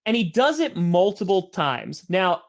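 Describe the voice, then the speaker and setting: A man with a high-sitting voice and noticeable vocal fry speaks a little slowly. He hosts a live stream, calling plays and telling a rambling story in a chatty, casual way, an animated storyteller who says "like" a lot.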